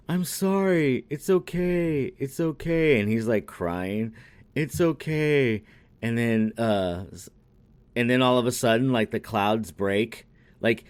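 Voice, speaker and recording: Male co-host, low-pitched, casual and profane, animated then mumbling. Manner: profane, rambling and animated, with sudden drops to a mutter. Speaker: podcast co-host. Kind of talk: casual chat, recapping a movie.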